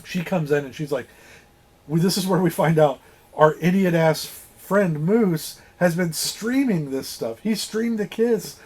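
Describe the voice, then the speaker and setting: Casual male podcast co-host, slightly high voice, rambling and animated plot recap. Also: measured pace, breathy edge. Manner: animated retelling with acted-out quotes and swearing. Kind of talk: casual movie review chat.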